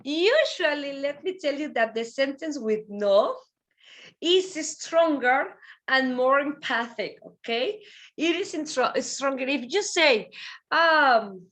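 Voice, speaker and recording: A woman leads an online English lesson and says every example sentence twice for her learners. Her voice sits high and sounds bright. She speaks slowly and carefully. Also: lively intonation. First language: Spanish. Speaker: English teacher. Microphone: video call.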